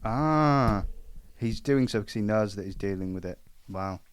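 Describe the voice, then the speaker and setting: A man's voice: fairly low pitch, clear, resonant tone, no echo. Easygoing man, dry sound. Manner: easygoing, quick to laugh. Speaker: podcast co-host. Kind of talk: casual film chat.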